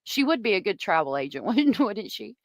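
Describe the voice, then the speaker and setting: A woman's voice: mid-range voice, big pitch swings, fairly quick, no room sound. A woman hosting a casual true crime livestream, chatty and gossipy, reading viewer comments aloud.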